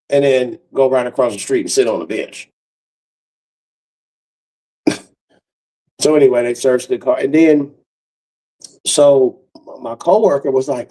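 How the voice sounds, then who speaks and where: A man telling a profane, animated story and acting out the other people's voices. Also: mid-range voice, moderate pace, long pauses, poor audio. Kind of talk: casual storytelling monologue.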